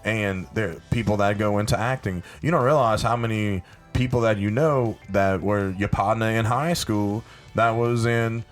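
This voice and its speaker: A low-voiced man with a Cajun South Louisiana accent, chatting bluntly and animatedly on a podcast. He swears freely, and faint music sits under him. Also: steady tone, normal speed, few pauses. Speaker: podcast guest. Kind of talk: casual podcast chat.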